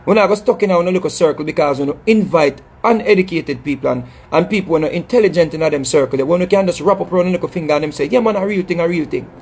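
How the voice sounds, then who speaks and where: A man's voice: on the high side, fast talker, hardly any pauses, a little mellow, slight background noise. A middle-aged man with a Jamaican accent, talking in an impassioned monologue, emphatic and scolding, repeating phrases and stumbling over words. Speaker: dancehall artist speaking to his audience.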